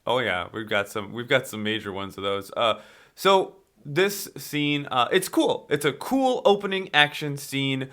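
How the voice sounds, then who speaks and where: A man's voice: medium pitch, expressive, measured pace, fairly bright tone. A man co-hosting a podcast in casual movie talk, rambling with many fillers and restarts as he asks questions. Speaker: podcast co-host.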